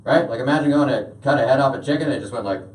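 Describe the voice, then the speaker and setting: A young stand-up comedian does a set in a small washroom used as a stage, rambling rapid-fire with lots of filler uhs. His mid-range voice has a darkish tone, and the echoey room makes him sound far off.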